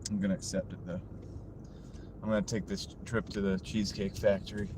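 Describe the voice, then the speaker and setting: A man's voice: sits low, flat delivery, brisk, noisy background. Chatty man livestreaming from his car. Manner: chatty, talks to viewers' chat while driving. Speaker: delivery driver livestreaming. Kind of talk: casual live-stream chat. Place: inside a car on the road. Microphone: wireless clip-on mic.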